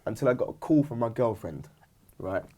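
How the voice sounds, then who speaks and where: A man's voice: medium pitch, a little fast, crowd noise. A young man with a British accent, telling a story in casual podcast chat and acting out what people said. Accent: British English. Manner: animated, acts out quotes, says "bro" and "right?". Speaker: podcast co-host.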